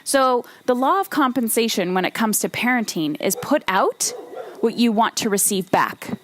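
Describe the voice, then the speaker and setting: A woman's voice: a little high, animated, normal speed, a little hiss or hum. A woman hosting a solo motivational podcast, talking emphatically and bluntly, with some swearing and repeated phrases for emphasis. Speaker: podcast host and coach.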